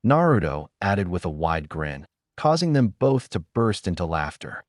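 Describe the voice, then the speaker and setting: Male narrator, low voice with a lively lilt, dry sound, reads fan fiction. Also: moderate pace, no room sound.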